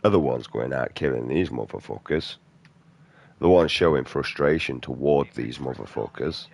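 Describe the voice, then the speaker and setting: A man's voice: extremely low pitch, normal speed, creaky. A man, a gaming streamer delivering an aggressive, profane rant in blunt slang. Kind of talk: angry off-topic rant during gameplay.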